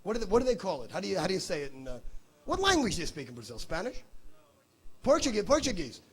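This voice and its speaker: A man doing stand-up crowd work, brash and teasing with a profane edge. His voice sits high for a man and swings widely in pitch, with a gravelly rasp. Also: huge pitch swings, quick pace. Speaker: stand-up comedian. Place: comedy stage before a live audience.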